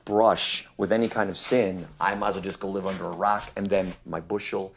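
A man preaching in conversation, insistent, often asking "ready?" and acting out quoted voices with big jumps in pitch. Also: fairly even intonation, brisk, vocal fry, a little hiss or hum. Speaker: street preacher.

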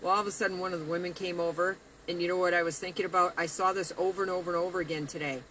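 Bright-voiced woman, earnest evangelist. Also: on the low side, level tone, very fast, a little hiss or hum, low-quality recording. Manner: earnest, rambling. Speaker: street evangelist. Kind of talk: casual talk about evangelizing.

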